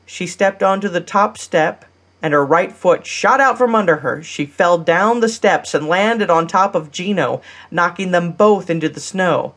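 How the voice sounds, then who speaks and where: A woman narrating a romance audiobook in a measured, steady reading style. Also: lowish voice. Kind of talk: scripted narration.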